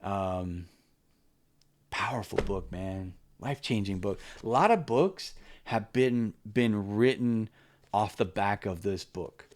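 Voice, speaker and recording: Speaking slowly at a fairly low pitch, this man offers a candid, casual review of a book. His talk wanders, full of fillers and false starts, until he turns earnest and emphatic to urge his viewers.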